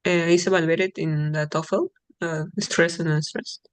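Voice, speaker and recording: A student in a one-on-one lesson, answering hesitantly with short replies and many soft "mm"s. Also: medium pitch, level tone, a little slow, smooth, no room sound. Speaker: test-prep student.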